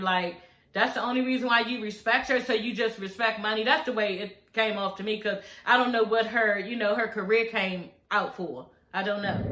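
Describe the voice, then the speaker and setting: A woman's voice: fairly high pitch, pushed and bright. A woman casually recapping a reality TV show, chatty and blunt, swearing freely. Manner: chatty, blunt, profane commentary. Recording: roomy echo.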